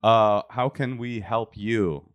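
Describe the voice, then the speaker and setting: A man's voice: lowish voice, slow, lo-fi sound. A man co-hosting a podcast, chatting casually with a wry, joking manner. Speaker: podcast co-host. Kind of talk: casual comedic chat.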